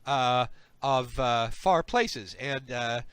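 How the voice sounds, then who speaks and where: A man's voice: mid-range voice, lively intonation, normal speed, bright, forceful tone, no echo. A man voicing a curious, scholarly slug creature that stammers politely and eagerly in a tabletop game. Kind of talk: tabletop role-play voice.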